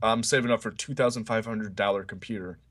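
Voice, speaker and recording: A young man, a gamer and college student, chatting as a podcast guest, relaxed and joking about himself. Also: fairly low pitch, fast talker, slight background noise. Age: young adult. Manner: relaxed, joking, self-deprecating. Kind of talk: casual podcast chat.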